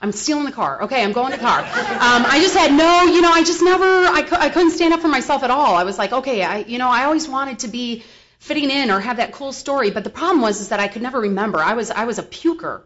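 A woman's voice: high voice, fast, fairly bright tone. Woman, Midwest-raised, recovery share, humorous, candid, lots of fillers, muffled lo-fi recording. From Milwaukee, US Midwest. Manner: frank, humorous, rambling with many fillers. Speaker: speaker sharing at a recovery meeting. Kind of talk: personal testimony, casual storytelling. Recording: dull lo-fi recording.

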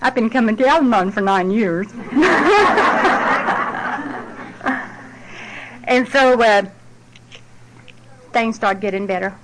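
A woman's voice: medium pitch, moderate pace, long pauses, noisy background. A middle-aged woman, giving a heartfelt personal testimony at a support group meeting in a plain, down-to-earth way.

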